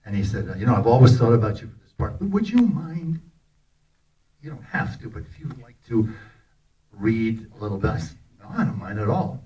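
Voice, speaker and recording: Older man telling animated stories from afar. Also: on the low side, fairly quick, lo-fi sound. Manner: animated, laughing, acts out quoted lines. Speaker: actor telling stories about a film. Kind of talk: anecdotal storytelling to an audience. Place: festival talk in a hall. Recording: voice picked up from a distance.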